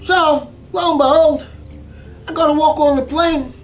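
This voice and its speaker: A man telling a story in an excitable way, acting out voices and reactions. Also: very high voice, measured pace. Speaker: vlogger telling a travel story. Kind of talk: animated storytelling monologue.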